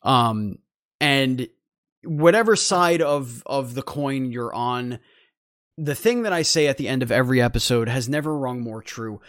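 A man's voice: mid-range voice, animated, measured pace, a bit bright, no room sound, clean studio sound. Earnest rambling male podcast host. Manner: earnest, rambling with restarts and fillers. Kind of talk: casual sign-off chat.

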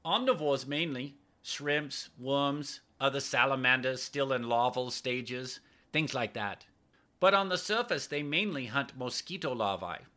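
A man doing a calm, lecturing young science officer. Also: medium pitch, moderate pace, voice pushed up, close to an everyday voice.

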